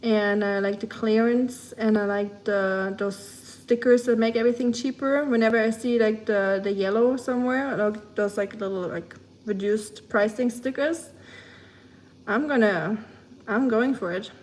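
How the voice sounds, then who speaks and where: A woman's voice: a little high, fairly even intonation, unhurried, darkish tone, slight background noise. A woman with a German accent chatting casually with her livestream chat, rambling along with lots of fillers.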